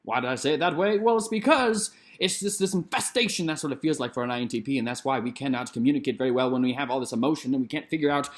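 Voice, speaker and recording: A man vlogging casually to camera at home on a computer microphone, playful and theatrical, jumping between loud and quiet. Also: quick pace, few pauses. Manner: playful, theatrical, swings widely in pitch and loudness.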